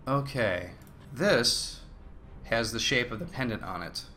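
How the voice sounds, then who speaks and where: A man hosting a let's play, reading game text aloud between relaxed, casual remarks. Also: medium pitch, slow. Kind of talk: casual gameplay commentary.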